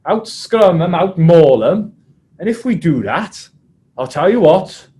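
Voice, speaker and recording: Give me a man impersonating a booming prop, blustering and raised in pitch. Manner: loud, blustering, swears casually. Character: gruff Welsh rugby prop, loud rallying man.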